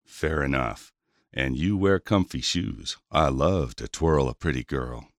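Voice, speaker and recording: A man playing a deep-voiced flirty cowboy. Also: lively intonation, a little slow, dry recording, studio quality, heavily acted. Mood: flirting.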